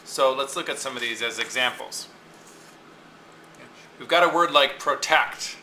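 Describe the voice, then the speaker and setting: A man teaching a lesson, patiently repeating words slowly to show where the stress falls, with frequent "okay"s. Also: mid-range voice, pushed and bright, slight background noise, poor audio. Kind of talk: recorded classroom lesson.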